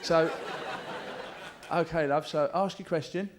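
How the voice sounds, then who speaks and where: London male comic, live stand-up, mischievous and crude, slightly high pitch, audience noise behind. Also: fairly even intonation, measured pace, crowd noise. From England. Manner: cheeky, swearing, mimics loud voices. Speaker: stand-up comedian. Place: large theatre stage with audience. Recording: theatre show taped with audience noise.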